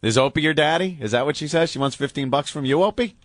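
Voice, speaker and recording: A man's voice: fairly high pitch, fast, dry recording. A man co-hosting a radio talk show, bantering sarcastically and reading listener mail aloud from a studio. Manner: sarcastic, reads letters aloud with mock bafflement.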